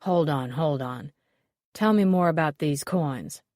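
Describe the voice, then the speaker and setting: Stern male detective for an audiobook, low and deliberate, played by a female narrator. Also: a little mellow, dry recording, clean studio sound. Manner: curt, measured questioning.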